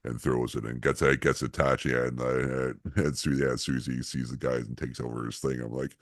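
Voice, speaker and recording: A podcast co-host with an extremely low, deep voice, rambling through a casual recap of a cartoon episode. He leans on fillers and laughs easily. The recording is dry and close-miked. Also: little pitch movement, normal speed, no echo.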